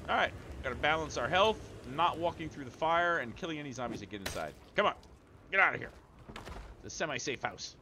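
Brisk and on the high side, a man's voice comes through with a little hiss or hum as he streams a multiplayer game. He talks excitedly to his chat and friends during live gameplay, frequently exclaiming and laughing.

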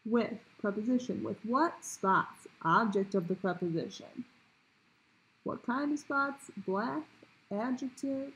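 A woman teacher talking pupils through a grammar worksheet in a clear, patient question-and-answer way. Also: a little high, slow, a bit bright, poor audio. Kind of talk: recorded grammar lesson for pupils.

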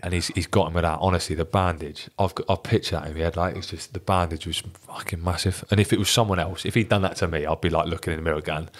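A man in his thirties with a very low, husky voice tells a locker-room story as a podcast guest. He talks quickly and swears freely, building the anecdote with energy. His delivery stays casual and conversational throughout. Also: steady tone. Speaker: podcast guest, former footballer.

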